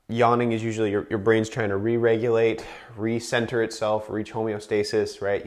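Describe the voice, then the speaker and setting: A man leading a chair yoga breathing class, counting breaths slowly and calmly and explaining each exercise. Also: lowish voice. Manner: slow, calm counting with explanations.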